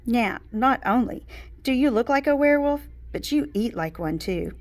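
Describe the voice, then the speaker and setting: A woman's voice: a little high, animated, normal speed, voice pushed up. A woman voicing a teasing young sister in a read-aloud storybook, squeamish and mocking. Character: cheeky, pestering big sister, young girl.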